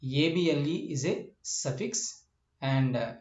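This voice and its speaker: Male English teacher, slightly high voice, slow deliberate delivery, recorded in an echoey room. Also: lively intonation, darkish tone. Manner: slow, spells out letters, frequent uh fillers. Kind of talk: slide lecture on word stress.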